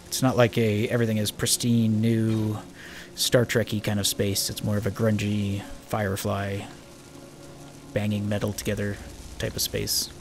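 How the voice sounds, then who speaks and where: A man's voice: lowish voice, monotone, normal speed, soft background music. A man giving casual, rambling let's-play commentary while playing a space building game, joking at his own expense. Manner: chatty, rambling, self-mocking. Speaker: gaming channel host.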